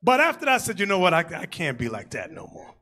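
Animated, bright-voiced preaching man. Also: sits high, quick pace. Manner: animated, joking storytelling with shouted asides. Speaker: bishop preaching. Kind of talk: sermon.

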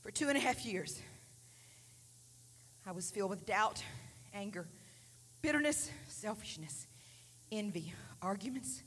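A woman in her sixties preaching a testimony sermon in a church, dropping to hushed near-whispers and rising to fervent shouts. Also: medium pitch, lively intonation, measured pace, pauses often, long reverb tail. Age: 60s. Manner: breaks into speaking in tongues. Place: large church sanctuary.

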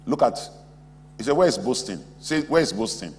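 A man preaching a sermon as pastor in a large auditorium, animated, acting out imagined church members. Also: medium pitch, moderate pace. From West Africa. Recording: long hall reverb, faint hum.

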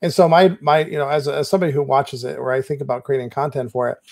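A man talking quickly in a relaxed stream conversation, his voice at a middling pitch. He tells stories with animated, playful quoted lines. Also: gravelly. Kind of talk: casual live-stream chat.

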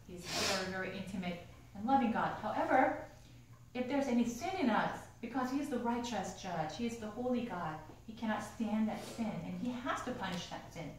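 A woman lecturer teaching a university theology class, telling stories with animated delivery, laughing often and asking the class questions. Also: medium pitch. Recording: echoey room, mic from far off, faint hum.

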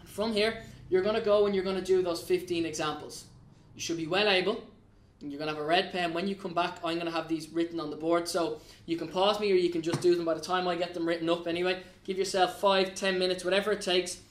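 Irish male teacher, higher-pitched, patient and plain, recorded off-mic in an echoey classroom. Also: fairly even intonation, fast talker, recorded from a distance, a little hiss or hum. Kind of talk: recorded classroom lesson at a whiteboard. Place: classroom with a whiteboard.

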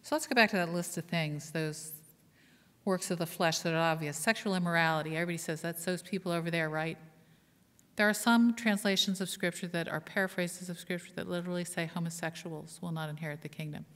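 A woman's voice: on the low side, fast, a bit bright, long reverb tail. A woman pastor delivering a conversational sermon, asking the congregation questions and joking at her own expense. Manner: conversational, asks the congregation questions, self-deprecating humor. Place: church sanctuary.

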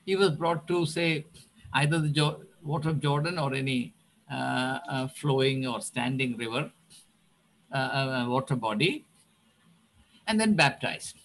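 An older man with an Indian English accent, giving a reflective spoken lecture on Christianity, often pausing with fillers and restarts. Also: medium pitch, fairly bright tone, slight background noise, poor audio.

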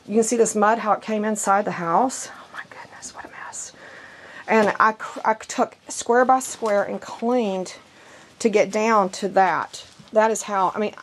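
A woman with a hoarse voice from laryngitis, rambling in a casual vlog and slipping into sing-song baby talk with her puppies in an outdoor yard. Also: medium pitch, slight background noise. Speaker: dog breeder.

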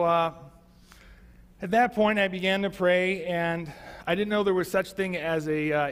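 Man, pastor, high voice, chatty sermon testimony, many ums and uhs, long hall reverb. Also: fairly bright tone. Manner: conversational storytelling with many fillers. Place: church.

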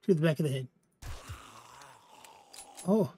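A man giving casual gameplay commentary as a channel host, chatty and self-deprecating, quick to apologize for his slips. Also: on the high side, animated, mellow, a little hiss or hum.

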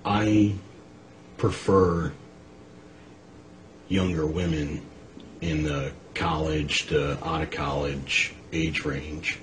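A man in his forties answering questions in an interview, quiet and hesitant, giving short halting answers. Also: very deep voice, fairly even intonation, slight background noise. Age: 40s.

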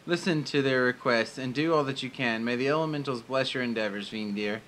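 A man reading the lines of a kindly, solemn male instructor, slow and formal. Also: mid-range voice, fairly bright tone, a little hiss or hum, close to an everyday voice, rough recording.

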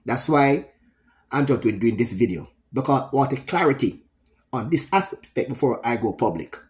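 A man's voice: medium pitch, lively intonation. Middle-aged Jamaican man, solo commentator, emphatic and repetitive. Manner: emphatic, repetitive, pausing often. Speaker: political commentator. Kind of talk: solo political commentary video.

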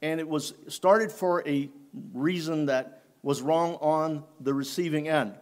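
A man preaching a sermon in church, unhurried and halting, often restarting his phrases. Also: on the high side, fairly even intonation, a little mellow. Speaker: pastor.

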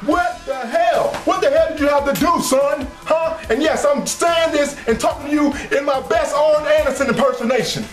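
A man putting on a blustering wrestling-promo voice, shouting slow threats. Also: extremely high pitch, roomy sound, over music. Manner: shouting, drawn-out menacing delivery.

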